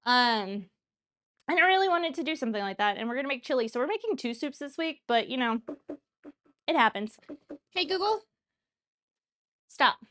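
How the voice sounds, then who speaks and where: A woman's voice: on the high side, lively intonation, fairly quick, a bit bright. A young woman hosting a home cooking show, chatting casually and joking at her own expense while she cooks. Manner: chatty, self-mocking, talks while cooking. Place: home kitchen.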